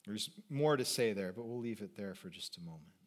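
A male pastor preaching a sermon, animated, swinging between loud emphasis and quiet conversational asides, joking with his congregation. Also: fairly low pitch, fairly quick.

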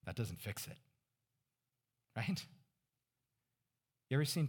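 A man preaching a sermon as pastor, conversational, asking the congregation rhetorical questions and dropping to a hush for emphasis. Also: mid-range voice, sing-song, takes it slowly, breathy edge. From California Central Valley.

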